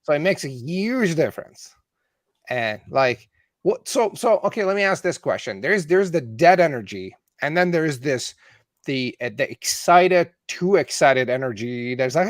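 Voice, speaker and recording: A man's voice: mid-range voice, big pitch swings, measured pace, no room sound, studio quality. A man hosting an interview over a video call, asking long, thoughtful questions with restarts. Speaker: podcast host.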